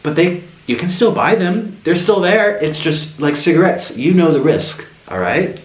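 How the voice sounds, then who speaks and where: A young man hosts an eating video at home, chatting and rambling through animated stories between bites. His voice sits on the high side at a moderate pace. The camera's built-in mic picks him up in an echoey room with a faint hiss.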